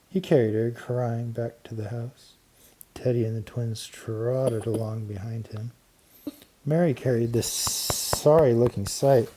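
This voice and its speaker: Mellow-voiced man reading a storybook. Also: on the low side. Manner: steady, clear storytelling with lively emphasis. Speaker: audiobook narrator.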